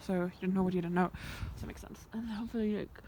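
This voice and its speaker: A woman's voice: medium pitch, steady tone, fast talker, mellow, slight background noise. Rambling woman vlogging outdoors. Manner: rambling, thinking aloud, often drops to a whisper. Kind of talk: reflective walking vlog. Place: outdoors in the countryside by a fence. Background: birds and sheep in the open air.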